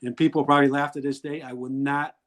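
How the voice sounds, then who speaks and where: A man's voice: medium pitch, little pitch movement, quick pace, fairly bright tone, rough recording. A middle-aged man, a guest on a video-call interview, telling rambling, blunt stories and laughing through them. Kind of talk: candid storytelling in an interview.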